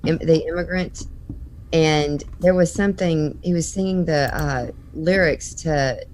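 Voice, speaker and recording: A woman's voice: deep voice, unhurried, a little mellow, rough recording. A woman hosting a casual chat in an easygoing, laughing manner.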